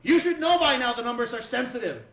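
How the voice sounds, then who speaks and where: An actor playing an excitable male conspiracy radio DJ hosting a comic podcast, ranting mock-seriously. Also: very high-pitched, quick pace, echoey room, full character voice, rough recording. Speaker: radio DJ host.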